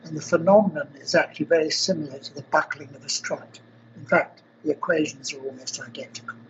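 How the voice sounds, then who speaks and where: An older man from South Africa, interviewed in a university lab, explaining technical ideas step by step in a measured way. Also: fairly high pitch, a bit bright, dull audio, a little hiss or hum. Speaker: interviewee, engineering professor.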